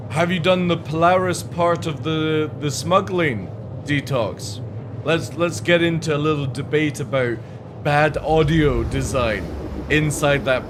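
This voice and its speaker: A man's voice: on the high side, noisy background. An English man streaming a game, chatting to his viewers in a rambling way and swearing freely. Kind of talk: casual live-stream chat.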